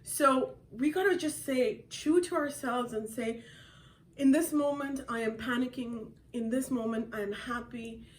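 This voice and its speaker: A woman author hosts a motivational live video from home, her voice a little high and her pace measured. Recorded from a distance with poor audio, she speaks earnestly and openly about her feelings, laughing often.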